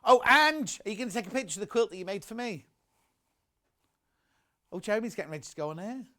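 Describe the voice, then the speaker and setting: Man, high voice, gushing shopping presenter, chatty, reads viewer messages. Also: lively intonation, quick pace, pushed and bright. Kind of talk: live shopping broadcast chat.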